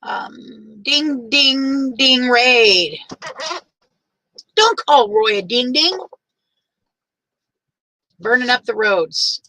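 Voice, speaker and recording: Older woman, livestream host, teary, warm and chatty, bright higher voice. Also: lively intonation, extremely slow, pauses often, dry recording, low-quality recording. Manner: warm, chatty, greets each viewer by name. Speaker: livestream host greeting viewers. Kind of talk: casual livestream chat.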